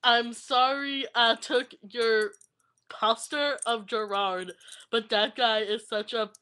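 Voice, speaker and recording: Giggly young woman reading aloud slowly. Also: on the high side, fairly even intonation, pushed and bright, smooth. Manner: giggly, keeps breaking into laughter while reading. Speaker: vlogger. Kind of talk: casual vlog, reading aloud.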